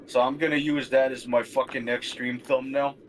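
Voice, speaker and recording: A man's voice: medium pitch, level tone, a little hiss or hum. A young man streaming, chatting casually in a profane, sarcastic way. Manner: profane, sarcastic, quick to swear.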